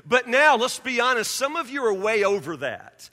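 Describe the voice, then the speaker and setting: A man preaching a sermon as pastor, telling a personal story in an animated way and acting out scenes, speaking in a church sanctuary. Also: very high voice, normal speed. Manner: animated storyteller, acts out scenes, drops to quiet intensity. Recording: reverberant hall.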